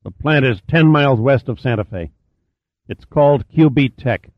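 A man's voice: medium pitch, normal speed, dry recording, lightly acted. A tense male security guard, as a narrator puts him on answers in a guarded, strained voice. The audiobook recording is dry and a bit muffled.

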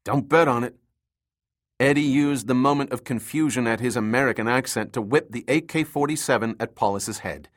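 A man reading a thriller novel aloud as an audiobook narrator, in a steady storytelling manner. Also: medium pitch, a little fast, hardly any pauses. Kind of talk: scripted narration.

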